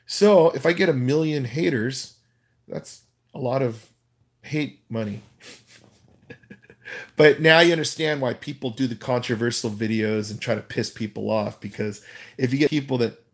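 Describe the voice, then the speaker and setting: A man's voice: medium pitch, normal speed, pauses often. A Korean man hosting a casual livestream, rambling with many fillers and restarts and laughing at himself. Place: Los Angeles.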